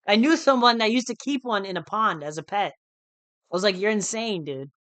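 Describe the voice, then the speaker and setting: A man from the United States talks through a live trading stream in loose, slangy chat, repeating phrases and calling listeners dude and bro. His voice is bright and smooth, and the sound is dry and close. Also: sits high, lively intonation, brisk, no echo. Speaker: live-stream day trader.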